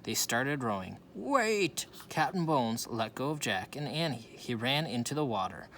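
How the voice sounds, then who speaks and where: A man's voice: medium pitch, animated, normal speed, fairly bright tone, slight background noise. A man reading a children's storybook aloud, with small slips he corrects as he goes. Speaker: reader.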